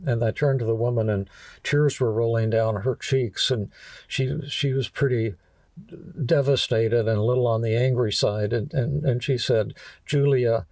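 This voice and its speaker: Older man, gravelly voice, halting storyteller, dry sound from a distance. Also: mid-range voice, darkish tone, no echo. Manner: halting, repeats words often. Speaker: psychiatrist telling a patient story. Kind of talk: storytelling talk.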